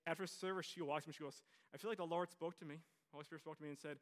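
A man's voice: on the high side, fairly even intonation, racing, few pauses, a bit bright. A middle-aged male pastor preaching a conversational sermon to his congregation, joking with them as he goes. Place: church service before a congregation.

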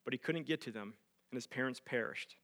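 A male pastor preaching, dropping to hushed tones and rising to loud emphatic peaks as he tells a story. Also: mid-range voice, brisk. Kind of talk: sermon.

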